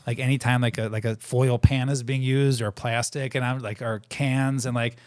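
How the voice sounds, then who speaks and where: A man's voice: mid-range voice, fairly even intonation, moderate pace, darkish tone, no room sound, clean studio sound. A man co-hosting a casual chat podcast, rambling and full of fillers. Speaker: podcast co-host.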